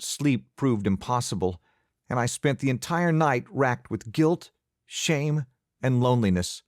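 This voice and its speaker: A man narrating an audiobook in the first person, measured and expressive. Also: on the low side, no echo, clean studio sound.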